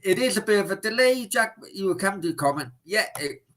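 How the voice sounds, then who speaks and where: A man's voice: sits high, animated, fairly quick, fairly bright tone, rough recording. A man hosting a live stream, answering viewer questions in blunt, casual chat and swearing freely.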